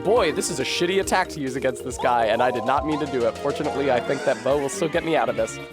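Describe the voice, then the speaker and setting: A man's voice: medium pitch, fast, music in the background. A man with a Rhode Island accent, chatting casually and wordily while streaming a game. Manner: articulate, wordy, self-mocking. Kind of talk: casual gaming livestream chat.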